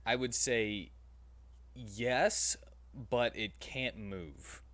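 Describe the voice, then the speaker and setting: A man's voice: medium pitch, drawn-out words, a bit bright. A man acting as game master, patiently explaining rules and narrating the scene over an online call.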